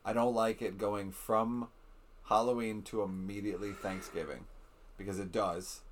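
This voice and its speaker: A man's voice: lowish voice, flat delivery, moderate pace, slight background noise. A man co-hosting a podcast, griping sarcastically and cursing in casual chat. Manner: sarcastic, profane ranting. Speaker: podcast co-host.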